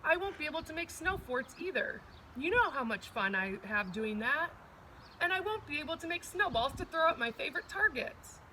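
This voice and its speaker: A woman's voice: high-pitched, very animated, moderate pace, pushed and bright, a little hiss or hum, voice pushed up, heavily acted, poor audio. A woman voicing a small, cranky rabbit who grumbles and complains in a read-aloud storybook. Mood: grumbling. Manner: grumbling, sulky.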